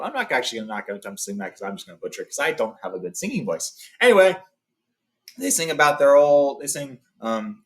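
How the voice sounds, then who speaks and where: A man's voice: mid-range voice, sing-song, fast talker. Chatty man retelling a book. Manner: chatty, with fillers and self-corrections. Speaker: host reading a book aloud. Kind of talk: casual read-along retelling.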